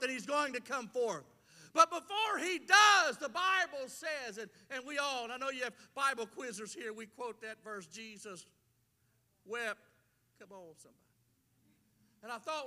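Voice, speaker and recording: Man, middle-aged pastor, very high and bright-toned, passionate repetitive sermon style, long church-hall echo. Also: lively intonation, a little slow. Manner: impassioned preaching with repeated phrases. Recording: long reverb of a large hall.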